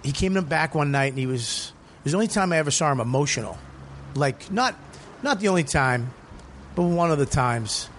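A man, a comedian hosting a podcast, telling a story in casual, profane, animated chat from a cigar lounge. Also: fairly high pitch, brisk, a little hiss or hum. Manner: profane, animated, acts out quoted people. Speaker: podcast host.

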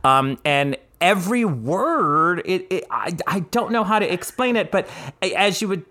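Animated, campy older American man. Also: sits high, normal speed. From United States. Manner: animated, campy, laughs often, acts out quoted voices. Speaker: podcast host. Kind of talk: casual interview chat.

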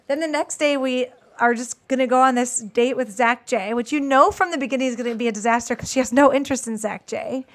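A woman hosting a casual podcast, recapping a TV episode and acting out the scenes. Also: sits high. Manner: lively recapper who acts out scenes, laughs often. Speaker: podcast host. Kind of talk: casual chat.

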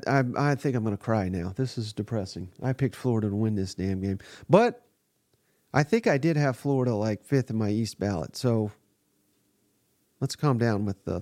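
A man's voice: lowish voice, moderate pace, darkish tone, no echo, clean studio sound. A man hosting a live sports reaction podcast, giving blunt, exasperated and profane commentary. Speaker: podcast host.

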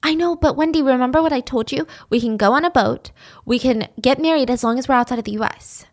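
Calm coaxing boyfriend done by a woman, high voice. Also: quick pace, close to an everyday voice. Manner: calming, persuasive. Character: young man, coaxing and soothing boyfriend.

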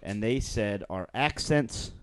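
A man's voice: on the low side, slow, clear, resonant tone, dry recording, clean studio sound. A man hosting a comedy podcast, joking and riffing with his co-hosts. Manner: joking, puts on mock accents. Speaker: podcast host.

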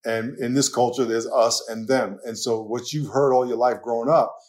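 Lively New York pastor telling stories. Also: male voice, medium pitch, moderate pace. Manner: animated storyteller, laughs often, slips into acted quotes. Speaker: pastor and author, guest. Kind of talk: conversational podcast interview.

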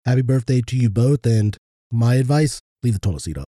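A man co-hosts a podcast in easygoing, casual chat and reads out listener requests. His voice is very dark and mellow, with a husky edge, and the recording is dry. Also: medium pitch, lively intonation, brisk, no room sound. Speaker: podcast co-host.

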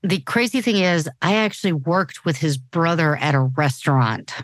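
A woman's voice: low voice, moderate pace, no echo. A woman in her forties co-hosting a podcast in casual chat, talking loosely with many restarts. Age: 40s. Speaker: podcast co-host.

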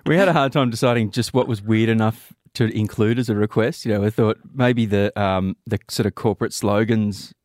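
A man's voice: on the low side, brisk, few pauses, a little mellow, dry recording, studio quality. A man hosting a radio show, casual and teasing in an amused way. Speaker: radio host.

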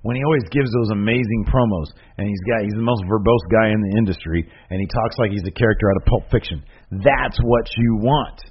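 A man co-hosting a casual podcast, arguing his side in an animated, rambling, jokey way. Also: mid-range voice, dull audio, slight background noise. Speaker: podcast co-host. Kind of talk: casual debate chat.

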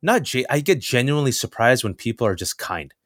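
A man telling a personal story in conversation, animated, acting out other people's lines with big jumps in pitch. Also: fairly quick, no room sound, clean studio sound. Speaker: guest.

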